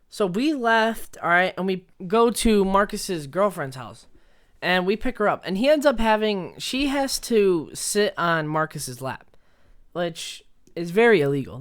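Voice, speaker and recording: A man's voice: high voice, a bit bright. A young man vlogger casually telling a story, rambling and swearing as he laughs along. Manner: rambling, profane, laughs through his story.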